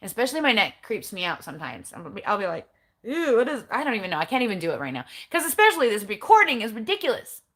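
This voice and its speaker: A woman's voice: mid-range voice, sing-song, racing, hardly any pauses, bright, forceful tone, husky. A middle-aged woman chatting casually on a livestream recorded on her phone, blunt and chatty with eye-rolling asides. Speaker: keto vlogger.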